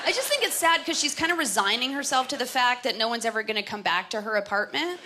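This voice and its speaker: A woman's voice: a little high, animated, quick pace. Woman doing stand-up in a noisy club. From Canada. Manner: chatty, self-deprecating, voices for characters. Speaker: stand-up comedian. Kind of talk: stand-up comedy set. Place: comedy club stage with audience laughter. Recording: noisy live club recording.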